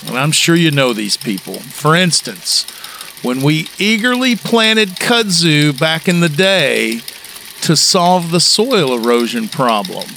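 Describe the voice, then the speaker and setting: A man's voice: fairly high pitch, animated, slow pace, vocal fry, bright, forceful tone, a little hiss or hum. A man with a Southern US accent co-hosting a casual podcast, with a playful, folksy delivery. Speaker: podcast co-host. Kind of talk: casual chat.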